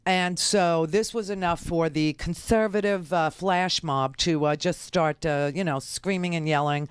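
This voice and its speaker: A middle-aged woman radio host rants with indignant exasperation, stumbling over fillers and restarts. Her voice is smooth and resonant, recorded close and dry on a studio mic. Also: fairly low pitch, unhurried, dry recording. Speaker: radio talk show host. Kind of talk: political commentary monologue. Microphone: studio microphone.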